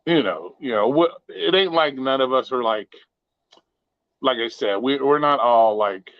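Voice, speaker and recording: A man chats casually on his own livestream, swearing freely and drifting from thought to thought. The sound is dull and lo-fi, with a dry, close feel. His pitch sits mid-range. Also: lively intonation, a little slow, no echo. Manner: loose, profane, rambling. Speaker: live stream host. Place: home bedroom. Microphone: modest home mic. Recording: dull lo-fi home stream audio.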